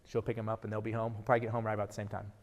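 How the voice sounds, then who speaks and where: Fast-talking keynote man in a hall. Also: fairly low pitch. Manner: energetic, asks the audience rhetorical questions. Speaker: keynote speaker. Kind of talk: motivational keynote speech. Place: large event hall. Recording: hall reverb from a live event.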